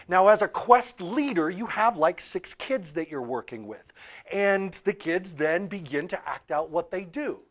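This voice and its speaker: A man telling a story in a talk about archetypes, animated, with loud peaks and quiet asides. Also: high-pitched, measured pace. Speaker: author and speaker on archetypes.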